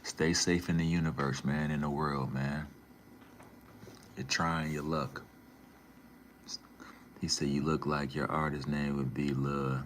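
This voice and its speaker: A man's voice: a bass voice, level tone, a little slow, long pauses, slight background noise. A man casually reading and answering his live chat, laid-back and slangy, calling viewers man and bro.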